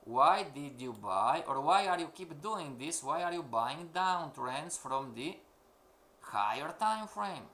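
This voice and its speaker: A man's voice: on the high side, animated, slow, a bit bright. A man teaching a live-streamed trading class, emphatic and questioning, repeating his points to the students. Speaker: forex trading instructor.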